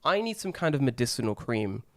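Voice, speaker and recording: A man's voice: medium pitch, brisk, dry recording, studio quality. A young man co-hosting a podcast, telling a rambling story in casual chat, swearing often and acting out the people he quotes. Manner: rambling, swears a lot, animated when acting out others. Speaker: podcast co-host.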